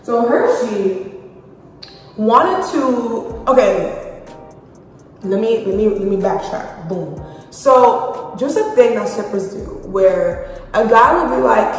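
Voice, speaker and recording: A young woman from Haiti telling a profane, animated storytime as a vlogger. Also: on the high side, slow pace, long pauses. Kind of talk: storytime vlog. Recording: very echoey room with long reverb, faint music.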